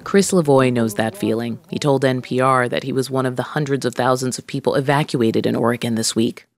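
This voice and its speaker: A news podcast host reading scripted narration in a measured, steady way. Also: medium pitch, vocal fry.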